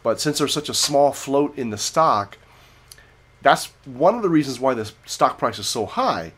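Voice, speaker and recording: A man talks through a beer review on his live call-in stream, casual and unscripted. He drifts from story to story and often stops to correct himself. His voice sits at an ordinary middle pitch for a man. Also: very animated, unhurried, fairly bright tone, breathy edge. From United States. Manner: rambling, self-correcting, digressive storytelling. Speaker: livestream host reviewing beer. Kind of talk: casual unscripted livestream chat.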